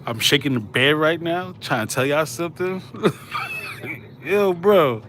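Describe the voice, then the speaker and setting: A man's voice: fairly high pitch, animated, measured pace, fairly bright tone, slight background noise. A man hosting a casual livestream from a hospital room, slangy and laid back as he chats with viewers. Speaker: livestream host.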